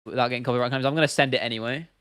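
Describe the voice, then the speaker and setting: A man's voice: mid-range voice, fairly even intonation, racing, a bit bright, clear, resonant tone, no room sound, studio quality. Blunt, slangy young British man streaming. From United Kingdom. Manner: blunt, slangy, swears freely, trails off into restarts. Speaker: livestream host. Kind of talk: casual livestream Q&A chat.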